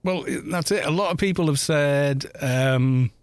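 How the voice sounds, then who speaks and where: A man's voice: a little high, measured pace, no room sound. A man from Wales chatting casually on a gaming live stream, rambling, laughing often and swearing at the game.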